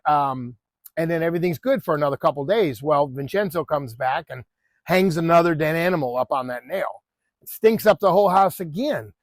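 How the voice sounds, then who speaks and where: A man telling a moral story in a loose, chatty way, full of fillers and asides to the listener. His voice sits a little high for a man, and the recording is close and dry. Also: no room sound. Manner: chatty, many fillers and "right?".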